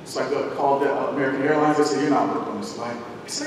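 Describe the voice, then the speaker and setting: A man giving a talk as a guest speaker, telling a personal story in a lively way and acting out the voices of the people in it. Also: medium pitch, racing, hardly any pauses. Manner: animated, acts out voices in his story. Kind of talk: storytelling lecture. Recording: echoey hall recording from far off, noisy.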